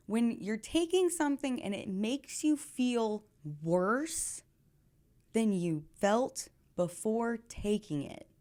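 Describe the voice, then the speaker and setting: A woman's voice: medium pitch, darkish tone. A woman hosting a reaction video, chatting earnestly with lots of fillers and now and then dropping to a whisper. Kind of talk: casual reaction commentary.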